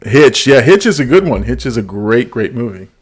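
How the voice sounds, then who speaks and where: A man's voice: medium pitch, sing-song, moderate pace, breathy edge. Chatty man hosting a live stream. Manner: laughs often while reading chat comments aloud. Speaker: show host. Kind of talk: casual live-stream chat.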